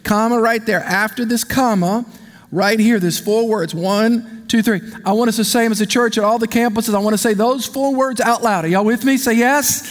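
A male pastor delivers an animated, conversational sermon and keeps calling out for the congregation to answer him. His voice sits high. The long reverb of a large church hall hangs on every line. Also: normal speed.

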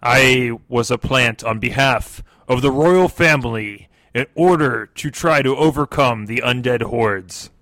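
A man voicing a gruff, authoritative male spy from the Renaissance in an improvised comedy podcast bit, rambling as he talks. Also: mid-range voice, unhurried, hardly any pauses, a bit bright, dry recording, natural voice. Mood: explaining.

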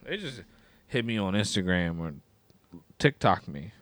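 A man's voice: deep voice, lively intonation, a little slow, fairly bright tone, no echo. A young man co-hosting a podcast in loose, profane casual chat, laughing often. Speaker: podcast co-host.

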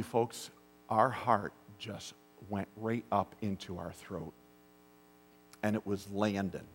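A middle-aged man preaching a sermon, telling a story that drops to hushed asides and rises to urgent bursts. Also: lowish voice, breathy edge. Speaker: pastor. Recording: long hall reverb.

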